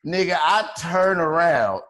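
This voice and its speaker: A man's voice: a little high, expressive, measured pace, fairly bright tone. A man from Chicago telling a wild story on a podcast in a loose, profane, slangy way, laughing as he goes. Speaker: podcast co-host. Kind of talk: casual storytelling.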